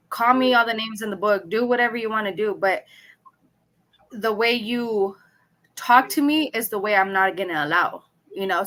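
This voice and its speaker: A woman's voice: mid-range voice, a bit bright. A woman guest in a casual podcast chat, talking in a reflective, hesitant way with many fillers.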